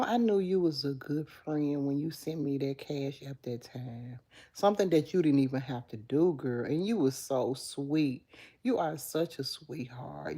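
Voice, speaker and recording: Chatty woman with a low, mellow voice. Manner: chatty, affectionate, answers viewer comments. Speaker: livestream host. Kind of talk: casual live chat with viewers.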